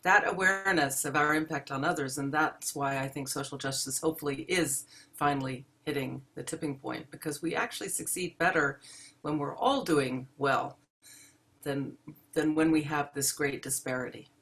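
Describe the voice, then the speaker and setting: A woman's voice: low-pitched, normal speed, a bit bright. Thoughtful woman guest speaking from home office. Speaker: interview guest, entrepreneur. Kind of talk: reflective interview answers.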